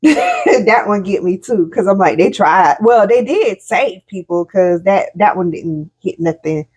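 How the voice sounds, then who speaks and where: A woman with a husky voice leads a casual conversation with lively rises and falls in pitch. She asks questions and reacts with strong feeling. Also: measured pace. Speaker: podcast co-host. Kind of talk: casual chat.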